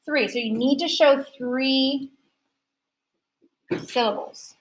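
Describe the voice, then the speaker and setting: A high-voiced woman teaching phonics to a classroom. She speaks at a slow, deliberate pace and draws out each word part as she sounds it out for the students. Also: low-quality recording.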